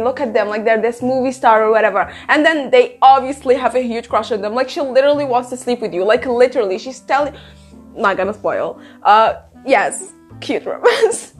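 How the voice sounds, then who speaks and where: A young woman reviewing books to camera in a casual, gushing, excitable way, swearing freely. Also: high-pitched. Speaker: book reviewer.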